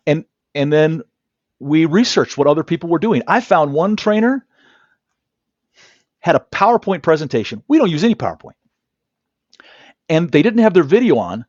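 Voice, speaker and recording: A man tells stories from his training work with lively energy, slipping into the voices of clients and colleagues as he quotes them. His voice sits at a middle pitch and sounds dry and a little dull, as if it comes through a video call. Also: normal speed, pauses often, dry recording. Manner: animated, acts out quoted dialogue. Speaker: negotiation trainer. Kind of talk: interview storytelling. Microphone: video call camera.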